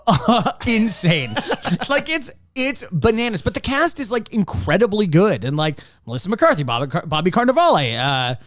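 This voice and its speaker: High, animated man rambling on a podcast. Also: normal speed, no echo, clean studio sound. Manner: rambling, animated, lots of fillers and laughs. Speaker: podcast co-host. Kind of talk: casual chat.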